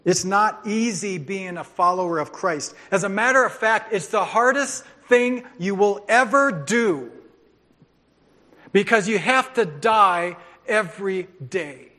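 Middle-aged male pastor, high voice, coach-style urging sermon, echoing sanctuary. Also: measured pace. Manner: energetic, coach-like urging and joking. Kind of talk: sermon with storytelling. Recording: long reverb of a large hall.

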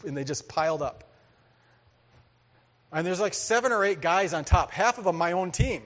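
A man preaching a sermon, telling a story with lively energy, acting out voices and laughing often. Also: sits high, normal speed. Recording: hall reverb.

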